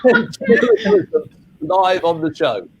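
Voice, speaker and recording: A man hosts a chat show with a lively, up-and-down voice that sits a little high. He laughs easily and keeps the talk bouncing along. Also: measured pace, muffled recording, slight background noise. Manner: laughs often, animated and chatty. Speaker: host. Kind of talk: casual chat show hosting.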